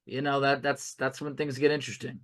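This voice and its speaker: A man's voice: medium pitch, level tone, brisk, a bit bright. A man co-hosting a sports podcast, chatting casually and rambling in a self-deprecating way, often restarting his sentences.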